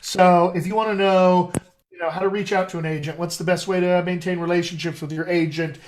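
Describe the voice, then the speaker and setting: This man's voice is high-pitched and steady in tone, his pace a little fast, with a little hiss or hum in the audio. He's a dialect coach hosting a live video stream, chatting playfully and casually and speaking directly to viewers over a video call setup.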